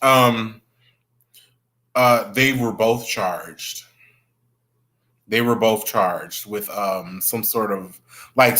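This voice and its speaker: A man's voice: medium pitch, fairly bright tone. A young man hosting a casual livestream, chatting with viewers, greeting them by name and gossiping about the news. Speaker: livestream host.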